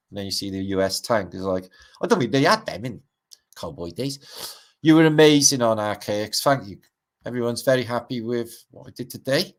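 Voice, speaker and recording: Sweary Welsh man rambling on a livestream. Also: on the low side. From Wales. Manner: rambling, sweary, greets chat by name. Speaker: livestream host. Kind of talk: casual livestream chat reading out comments.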